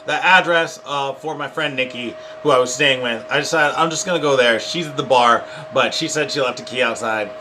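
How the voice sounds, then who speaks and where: A young man telling a funny personal story to camera in a rambling, animated way, full of "like". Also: mid-range voice, fairly quick, few pauses, slight background noise. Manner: rambling, animated, heavy use of "like". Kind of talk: casual comedic storytime.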